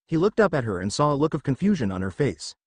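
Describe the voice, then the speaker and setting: Male narrator, fan story reading, lively pitch, dry close sound. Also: quick pace, husky, no echo.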